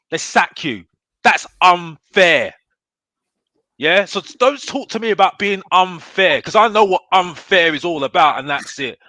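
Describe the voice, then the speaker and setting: A man talking casually about football, animated and constantly tacking on "yeah?". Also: sits high, dry recording. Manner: animated, keeps adding "yeah?". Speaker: football podcast guest. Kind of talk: casual chat.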